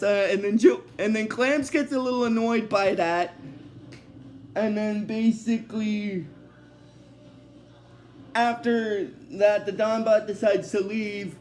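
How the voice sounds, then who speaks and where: A man's voice: high-pitched, fairly even intonation, slow pace, long pauses, darkish tone. A young man casually recapping a cartoon episode, rambling with lots of fillers. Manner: rambling, many fillers like "basically" and "uh".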